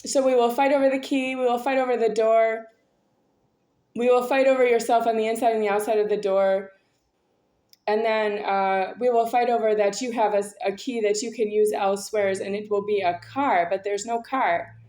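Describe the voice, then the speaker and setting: A woman talking in a rambling personal monologue. She speaks haltingly, with many fillers and restarts, and sounds intense and aggrieved. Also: on the high side, fairly even intonation, darkish tone. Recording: echoey room.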